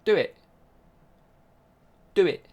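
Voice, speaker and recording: A man's voice: takes it slowly, lo-fi sound. A young man chatting casually on a live stream while he plays, bantering and answering his chat.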